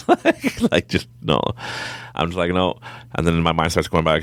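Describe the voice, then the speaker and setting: A man telling a story in a casual, animated way, laughing often and acting out his own thoughts in different voices. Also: low voice, measured pace, vocal fry, no room sound. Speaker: podcast guest.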